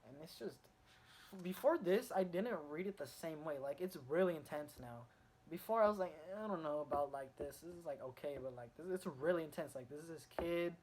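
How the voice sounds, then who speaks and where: Rambling, excitable man reviewing comics. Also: fairly high pitch, fairly quick, slight background noise, poor audio. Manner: rambling, full of fillers and restarts; excited retelling of the story.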